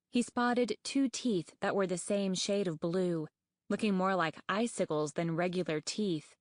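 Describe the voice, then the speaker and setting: A woman narrating an audiobook in a measured, expressive reading voice. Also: fairly low pitch, no echo, clean studio sound. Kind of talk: scripted narration.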